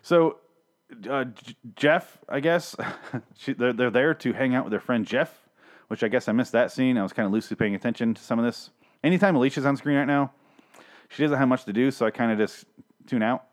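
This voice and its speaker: A TV show reviewer with a mid-range voice does a casual solo recap, ranting sarcastically and profanely about the show. He talks a little fast and rambles, frequently restarting his sentences.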